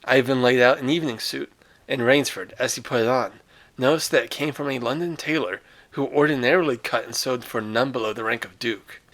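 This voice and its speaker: A man's voice: mid-range voice, brisk, fairly bright tone. A man reading a short story aloud with dramatic phrasing and casual, offhand asides. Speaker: reader.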